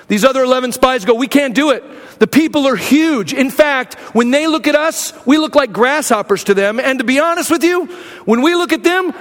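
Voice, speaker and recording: A pastor with a strikingly high voice delivers a lively sermon, retelling scripture and acting out the quoted speakers. His voice rings out with a long reverb, as if recorded in a large church hall. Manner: animated storytelling, acting out quotes.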